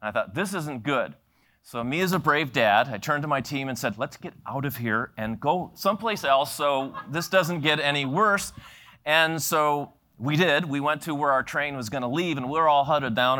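A middle-aged man preaching a sermon, telling a story with lively acted-out quotes and frequent laughs. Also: on the high side, normal speed. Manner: animated storyteller acting out quoted voices, laughing often. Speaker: pastor.

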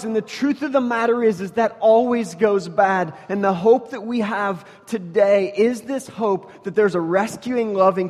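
High-voiced pastor preaching in a reverberant church. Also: male voice. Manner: animated, swings between loud emphasis and hushed intensity; joking, storytelling asides. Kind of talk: sermon. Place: church sanctuary.

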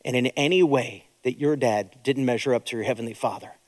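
A man preaching as a pastor, earnest and consoling, dropping to hushed emphasis. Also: medium pitch, a little fast, in a large hall. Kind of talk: sermon.

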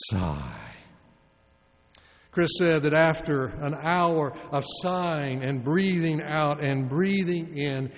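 A male pastor preaching a sermon in a slow, measured way with long sighing pauses. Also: medium pitch, a little hiss or hum. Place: church sanctuary. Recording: long reverb of a large church.

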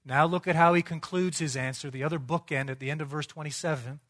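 A man preaching a sermon, emphatic and rhetorical, dropping low and quiet and then rising loud for his points. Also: steady tone, quick pace. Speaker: pastor.

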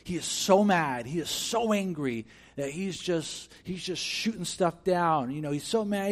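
A man delivering a sermon in a voice pitched a little above the usual male range. He moves between quiet, inward phrases and loud, emphatic ones. He puts questions to his congregation and acts out the voices he quotes. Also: a little slow, hardly any pauses. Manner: animated, swings between hushed and emphatic. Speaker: pastor. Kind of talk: preaching a sermon.

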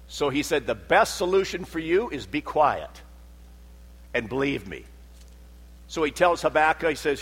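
A man preaching a sermon in a voice of middling pitch. His delivery swells and drops for emphasis, and he acts out the voices he quotes. The sound carries a long hall reverb. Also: fairly bright tone. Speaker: pastor.

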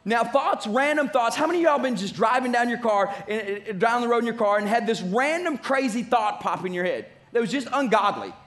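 A pastor delivers a sermon with a strikingly high-pitched male voice. He preaches emphatically, hammering home his points through repetition, as if speaking in a church. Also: expressive, a little fast, few pauses, a bit bright. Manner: emphatic preaching with repeated phrases.

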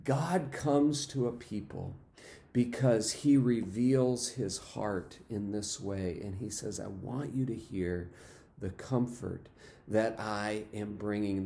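A man preaching a sermon, unhurried, with fillers and repeated phrases. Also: fairly low pitch, warm tone. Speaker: pastor.

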